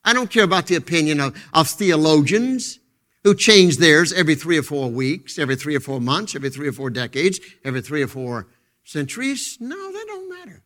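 A fervent male pastor delivers a sermon from a church pulpit, his voice pitched high and ringing bright. He shifts between loud, emphatic proclamations and hushed, intense passages, and he drives his points home through repetition. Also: expressive, brisk.

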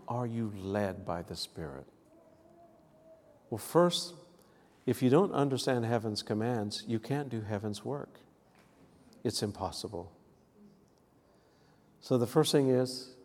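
A man's voice: medium pitch, a little mellow. A man preaching a sermon, telling a story and drawing responses from the congregation. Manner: storytelling, calls for audience responses. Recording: long hall reverb.

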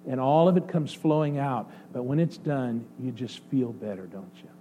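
A male pastor preaching a sermon, swinging between excited outbursts and soft, hushed passages. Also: medium pitch, moderate pace, highs cut off. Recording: faint mains hum. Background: faint electrical hum.

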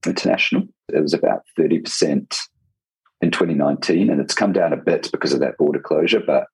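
A man with a croaky, hoarse voice answering interview questions hesitantly, repeating words as he goes. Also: a bass voice, quick pace, a little mellow, rough recording. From New Zealand. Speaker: veterinary council lawyer guest.

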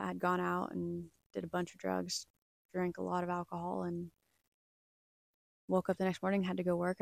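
Gravelly young woman, earnest testimony. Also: on the low side, no echo. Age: young adult. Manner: earnest, storytelling with many ums and uhs. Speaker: podcast host. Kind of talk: personal faith testimony.

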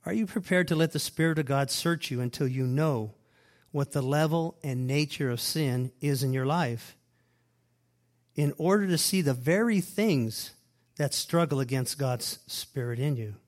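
A man preaching a sermon, reading scripture aloud and explaining it with emphatic repeated phrases, loud stresses and quiet asides. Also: medium pitch, measured pace. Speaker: pastor.

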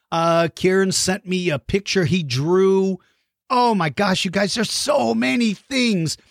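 A middle-aged man chatting warmly to young viewers about their drawings, enthusiastic with playful mock-outraged outbursts. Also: on the high side, no echo, clean studio sound. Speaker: kids' dinosaur channel host. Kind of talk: casual chat to young viewers.

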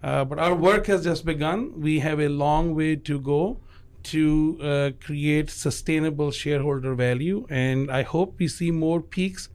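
Middle-aged male CEO guest, studio interview, pitch on the higher side, careful and halting. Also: a little mellow. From Pakistan. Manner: measured, halting speech with many "uh" fillers. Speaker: pharmaceutical company CEO guest.

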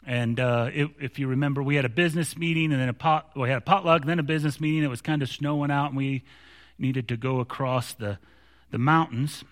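A man's voice: medium pitch, steady tone, a little fast, long reverb tail. A man preaching a sermon as pastor, telling stories with mounting animation and frequent restarts. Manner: storytelling with growing animation, many restarts.

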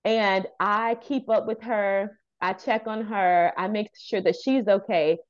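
With a mid-range voice and a slow pace, a woman in her thirties recounts a moving personal story during an interview; she is a therapist and the founder of a youth center. She tells it earnestly and with animation, acting out the dialogue she quotes, over dull-sounding audio.

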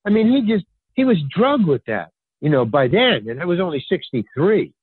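Speaking at a moderate pace in a husky voice, an older podcast guest tells a rambling, animated story, jumping in pitch as he voices the people in it. He leans on fillers and restarts sentences, and the sound is a dry, echo-free, tinny phone line.

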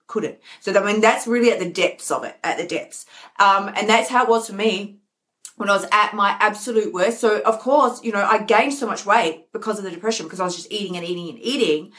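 A woman's voice: mid-range voice, a bit bright. A woman hosting her own show, talking candidly and emotionally, repeating words for emphasis. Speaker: podcast host. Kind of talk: candid personal talk. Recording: live stream.

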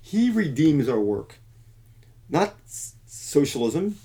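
Guy preaching hard, mellow low-toned voice, lots of restarts. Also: big pitch swings, slow. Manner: emphatic, restarts and self-corrections. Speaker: Christian commentator. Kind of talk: preaching monologue.

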